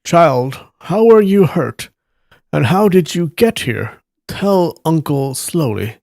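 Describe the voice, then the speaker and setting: A man voicing a kindly, calm elderly master who speaks softly and gently. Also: on the high side, a little slow, creaky, no room sound, voice pushed up. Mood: gentle. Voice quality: soft, gentle.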